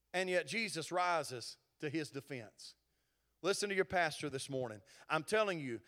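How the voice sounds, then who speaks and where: A middle-aged male pastor, preaching a sermon in an impassioned, exhorting manner. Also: sits high. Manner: impassioned, building to loud exhortation.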